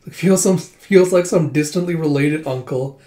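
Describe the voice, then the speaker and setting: A man's voice: on the high side, normal speed, mellow. A man casually reading through a comic aloud, retelling panels with lots of fillers. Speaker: comic readthrough host. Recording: roomy echo.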